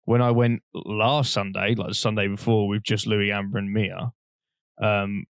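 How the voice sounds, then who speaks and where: A young man co-hosts a podcast, telling rambling, animated stories in a casual chat and laughing often. His fairly low, clear, resonant voice moves at a moderate pace, captured dry in studio quality.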